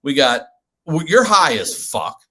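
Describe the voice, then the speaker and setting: A man telling a comedic story as a podcast guest, animated and profane, acting out the people in it. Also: a little high, unhurried. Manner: animated, profane, acts out quoted voices.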